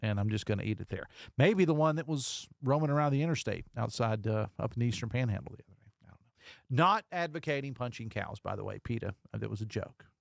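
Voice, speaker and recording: A man's voice: medium pitch, lively intonation, quick pace, creaky, no room sound. A man hosting a casual call-in radio show from a studio, joking and reading listener texts aloud. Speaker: radio talk show host. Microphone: studio microphone.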